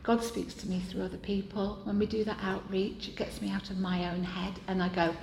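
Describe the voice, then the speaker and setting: A woman's voice: mid-range voice, level tone, a little fast, gravelly, a little mellow, roomy sound, a little hiss or hum. A woman giving a candid, self-deprecating personal share at a support group meeting, speaking earnestly to the room. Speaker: meeting member sharing.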